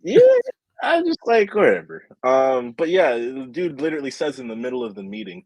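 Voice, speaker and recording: A man's voice: on the high side, moderate pace, vocal fry, dry recording, rough recording. A young man chatting casually as a podcast guest, rambling with many fillers. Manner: rambling, lots of fillers, animated. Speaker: guest, state house candidate. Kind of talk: casual chat.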